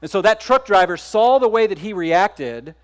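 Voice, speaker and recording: A man's voice: sits high, animated, moderate pace. A middle-aged man from Texas giving a conference keynote, telling a story in a conversational way and putting questions to the audience. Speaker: keynote speaker. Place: conference stage.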